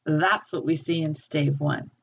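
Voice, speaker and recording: A woman's voice: deep voice, steady tone, unhurried, gravelly, slight background noise. A woman teaching a literature lesson, explaining a text and reading quoted passages aloud with feeling. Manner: thoughtful, reads quotations with feeling. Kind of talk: lecture with read-aloud passages. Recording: dull lo-fi recording.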